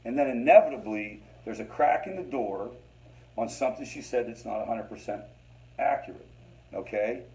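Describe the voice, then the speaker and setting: A man's voice: mid-range voice, moderate pace, mellow, poor audio. A man leading a family recovery group, talking conversationally to the room, repeating phrases for emphasis and calling his listeners "guys.". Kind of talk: informal teaching talk to a support group.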